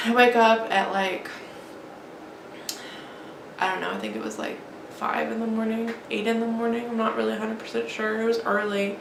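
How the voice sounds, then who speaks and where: A woman vlogger telling an emotional personal story in a halting, grieving way. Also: on the high side, steady tone, vocal fry. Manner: halting, grieving, many restarts and fillers. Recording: echoey room with faint background noise.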